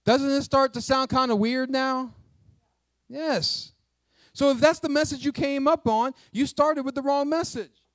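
With a very high voice and an unhurried pace, a middle-aged male pastor preaches in a recording with no echo. He keeps the sermon lively and conversational, mixing jokes and asides into what he teaches.

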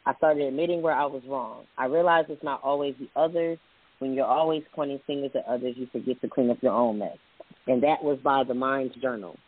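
A man co-hosting a casual talk show, talking reflectively and reading short quotes aloud, sometimes in quick bursts. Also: mid-range voice, husky, dry recording. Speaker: podcast co-host. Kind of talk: casual chat with read-out quotes. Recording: tinny phone-like dry sound.

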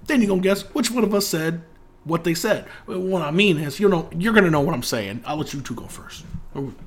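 A man's voice: fairly high pitch, lively intonation, fairly quick. Profane, riffing comedy podcast man. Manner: profane, loose, breaks into laughter. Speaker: podcast co-host.

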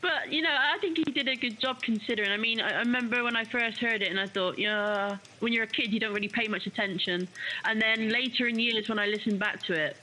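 A British woman co-hosting a radio talk show, chatting warmly and calling her co-host darling. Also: fairly high pitch, quick pace, a little hiss or hum, poor audio. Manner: chatty, warm-hearted, says darling. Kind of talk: casual talk radio chat.

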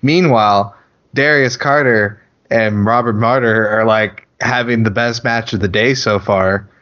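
A man's voice: fairly low pitch, measured pace, a bit bright, highs cut off. Joking, profane podcast co-host man. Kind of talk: casual chat.

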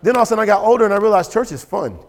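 A man preaching a sermon as pastor, animated and storytelling. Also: sits high, racing. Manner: animated, storytelling with quoted voices and laughter. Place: church sanctuary. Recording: church hall with long reverb.

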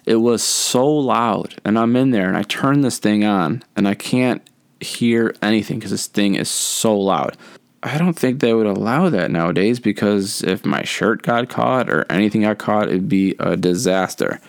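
Low, smooth-voiced man telling stories. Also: normal speed, no room sound. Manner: relaxed, rambling, with many fillers and self-corrections. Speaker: podcast host. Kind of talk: casual solo storytelling.

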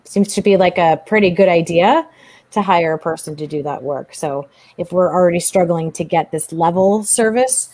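A woman's voice: sits low, a little mellow, no echo. A woman co-hosting a casual discussion, thinking aloud with many fillers.

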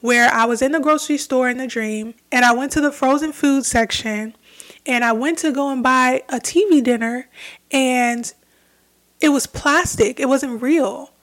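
A young adult woman talks alone on her spiritual podcast in a high, slightly bright voice at a moderate pace. She's earnest and reflective, repeating phrases for emphasis.

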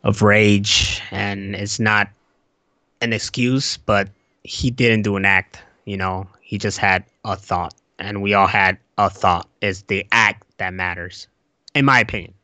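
A young man co-hosting a casual podcast chat, excitable and swearing, with frequent restarts. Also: unhurried, no echo. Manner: excitable, swearing, jumps into high put-on voices when quoting. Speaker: podcast co-host.

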